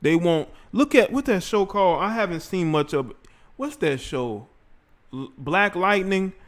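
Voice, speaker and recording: A man hosting a casual livestream, his voice sitting a little high for a man. He rambles in slang and talks straight to the people in his chat. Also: expressive, measured pace. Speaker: livestream host.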